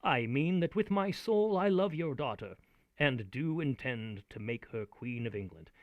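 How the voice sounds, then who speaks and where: A man's voice: mid-range voice, animated, unhurried, dry recording, phone-quality sound, lightly acted. A man reciting the lines of a scheming king wooing a grieving queen, declaiming verse. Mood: earnest pleading.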